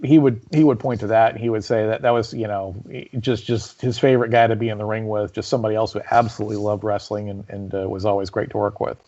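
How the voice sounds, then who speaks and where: A man's voice: on the low side, quick pace, few pauses, highs cut off. A man, a guest author on a podcast, telling stories animatedly with plenty of fillers and restarts. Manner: animated storyteller, many fillers and repeats. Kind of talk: conversational storytelling on a podcast.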